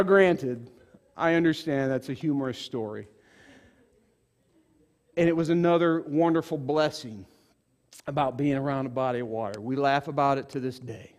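A pastor telling a lively story in a sermon, acting out voices and exclamations. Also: male voice, mid-range voice, normal speed, long pauses. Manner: animated storyteller, acts out voices.

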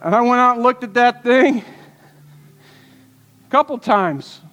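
Male pastor, high voice, earnest storytelling sermon, recorded in a church sanctuary with a long reverb tail. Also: unhurried, a bit bright. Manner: earnest, storytelling preacher with rhetorical questions.

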